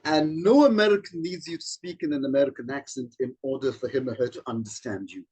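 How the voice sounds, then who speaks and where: A man, a trainer, explaining slowly and demonstrating vowel sounds. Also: mid-range voice, a little mellow, slightly rough, low-quality recording. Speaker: accent trainer. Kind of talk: informal spoken explanation.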